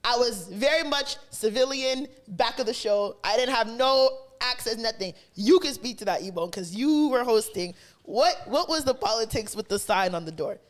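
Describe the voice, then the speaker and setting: A podcast co-host tells a story in casual conversation, acting out the dialogue with animated, quoted lines. Her voice is a little high, she keeps a normal speed, and she barely pauses.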